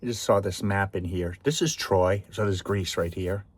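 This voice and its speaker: A man's voice: sits low, normal speed, few pauses, husky. A man giving a chatty, digressive film review in which he animatedly retells the story. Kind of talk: casual spoken review.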